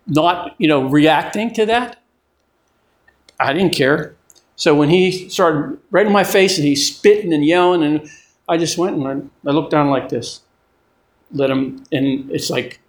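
Older guy giving a sermon, a bit higher voice, chatty, keeps restarting words. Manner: conversational, often repeats and restarts words. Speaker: preacher.

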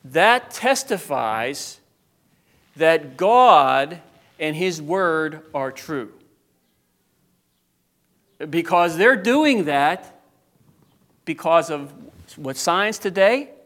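A man preaching a sermon and reading scripture aloud, building from slow teaching to loud, fervent preaching. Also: on the high side, animated. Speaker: pastor.

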